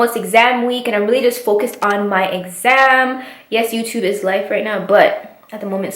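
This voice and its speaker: A young woman talking casually to her vlog viewers, telling a story in a dramatic, fast way. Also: a little high, a bit bright, roomy sound. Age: young adult. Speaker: vlogger.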